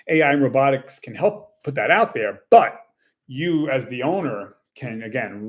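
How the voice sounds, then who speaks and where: A man who runs a small tennis business, talking casually to his viewers in a rambling way, full of fillers and quick acted-out quotes. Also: mid-range voice. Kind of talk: casual talk to camera.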